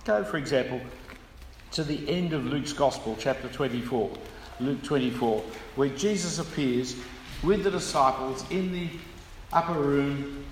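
A man's voice: mid-range voice, slight background noise. A man preaching a sermon, explaining scripture with emphatic stresses and asides. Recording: echoey hall with room ambience.

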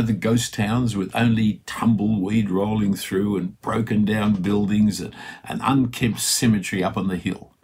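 A man's voice: medium pitch, vocal fry, breathy edge. A middle-aged man preaching a sermon in a conversational, storytelling way with light asides.

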